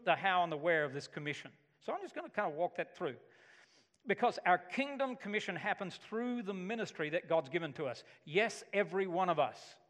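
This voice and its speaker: A middle-aged male pastor preaching a sermon, animated and given to loud emphatic bursts. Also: high-pitched, big-room sound.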